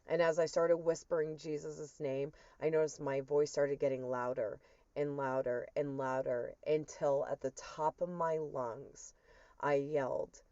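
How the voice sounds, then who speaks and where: A woman's voice: sits low, dark tone, dry recording. A woman earnestly retelling a personal spiritual experience as a testimony, with emotion in her storytelling. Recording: dull, muffled dry recording.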